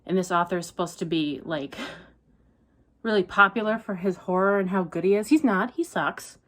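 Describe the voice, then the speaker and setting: Woman, book vlogger, low-ish voice, dry deadpan delivery tipping into ranting. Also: a little fast. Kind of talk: casual reading vlog.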